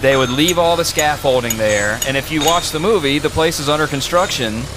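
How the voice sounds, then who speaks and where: A man's voice: a little high, fairly quick, background noise. A man hosting a casual podcast, telling film trivia in a loose, chatty way with fillers, laughter and swearing. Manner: laid-back storyteller, frequent fillers and laughs, swears. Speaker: podcast host. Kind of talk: casual chat.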